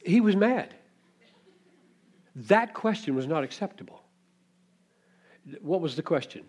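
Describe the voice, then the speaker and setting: A man's voice: high voice, lively intonation, measured pace, a little mellow, husky. A man preaching an expository sermon, teaching reflectively and posing rhetorical questions to his listeners.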